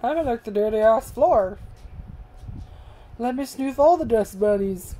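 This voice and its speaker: A woman's voice: fairly high pitch, animated, unhurried, dark tone, voice pushed up, rough recording. A woman putting on the voice of her grumpy pet dog, whiny and sassy.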